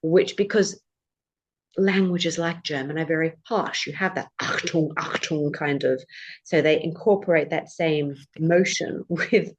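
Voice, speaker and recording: A woman from England, a podcast guest talking in a relaxed, reflective way. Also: low-pitched, measured pace. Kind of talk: casual interview chat.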